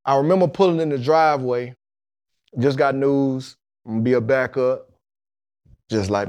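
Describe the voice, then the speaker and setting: A man tells his story in a relaxed, colloquial way on a podcast. He talks in an animated manner and slips into the voices of the people in his tale. His voice sits at a middle pitch. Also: normal speed, pauses often. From Mississippi, USA. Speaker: guest, football player.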